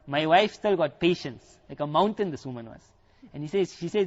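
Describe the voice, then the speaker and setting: A man's voice: on the high side, expressive, moderate pace. A man with a South African accent, preaching and retelling a story full of quoted dialogue. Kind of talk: storytelling sermon. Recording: dull lo-fi recording.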